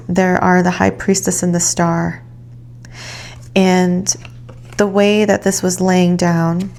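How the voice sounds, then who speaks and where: Woman tarot reader, slow unhurried delivery, gravelly fry in her voice, soft and reflective. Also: lowish voice. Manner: slow, reflective, gently guiding. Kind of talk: calm tarot reading.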